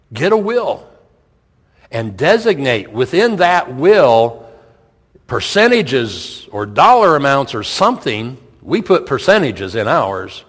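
Middle-aged pastor preaching, casual tone, lots of rhetorical questions, long church-hall echo. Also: male voice, mid-range voice, a bit bright. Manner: conversational preaching, rhetorical questions, repeats himself. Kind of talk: sermon. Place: church sanctuary.

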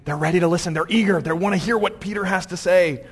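A pastor preaches with animation and acts out scenes in character voices. His voice sits fairly high for a man and rings with a long echo through a church sanctuary. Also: quick pace, breathy edge, faint music behind. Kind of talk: sermon. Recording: long hall reverb, church.

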